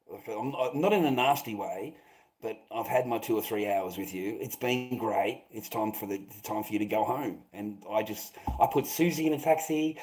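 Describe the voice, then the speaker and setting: A man's voice: mid-range voice, normal speed, darkish tone, poor audio. A middle-aged Australian man telling a rambling anecdote, swearing often and filling gaps with "rah, rah".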